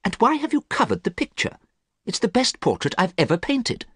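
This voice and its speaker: A man's voice: sits high, sing-song, moderate pace, a bit bright, breathy edge, no echo, clean studio sound, pitched above the performer's own voice, full character voice. A man voicing a worried, earnest male painter who pleads with a friend, in a storybook reading. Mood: puzzled. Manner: pleading, anxious.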